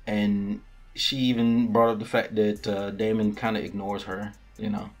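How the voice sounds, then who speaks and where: A man's voice: fairly low pitch, normal speed, faint music behind. A man hosting a podcast, casually recapping a TV episode in slangy, profane talk and acting out the characters' lines. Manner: animated storytelling with quoted character lines and laughs. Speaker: podcast host.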